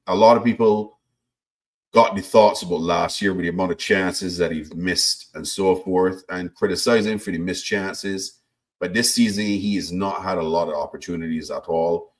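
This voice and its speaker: Man, Barbadian accent, very deep voice, casual co-host, stammering restarts. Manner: stammering restarts, talks his opinions through at length. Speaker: podcast co-host. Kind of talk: casual football analysis.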